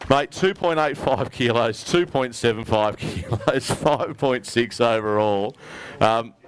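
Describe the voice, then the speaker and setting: A man's voice: mid-range voice, slow pace. Matey Australian man emceeing a weigh-in. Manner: upbeat, matey, ad-libbing. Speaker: tournament emcee. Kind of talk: live prize presentation. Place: outdoor weigh-in event.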